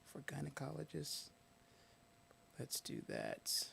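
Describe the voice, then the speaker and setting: Gravelly man thinking aloud. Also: mid-range voice, huge pitch swings, slow pace, fairly bright tone, slight background noise. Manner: thinks aloud, muttering words to himself. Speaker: live-stream host. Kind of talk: casual live-stream talk.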